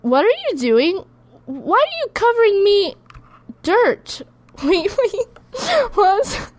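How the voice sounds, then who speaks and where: A woman's voice: extremely high pitch, big pitch swings, takes it slowly. A woman chatting casually, giggly and teasing. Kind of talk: casual chat while recording.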